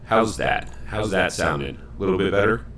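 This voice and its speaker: Young male streamer, low voice, chatty and self-interrupting, casual desk-mic sound with faint hiss. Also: expressive, normal speed, a bit bright. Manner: chatty, self-interrupting while fixing his audio. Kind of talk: casual live game stream chat.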